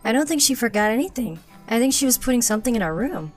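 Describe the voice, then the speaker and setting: A woman voicing a young woman on holiday who is uneasy, a little higher and softer than her narrating voice. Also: expressive, fast talker, faint music behind, close to an everyday voice. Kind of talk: storybook narration.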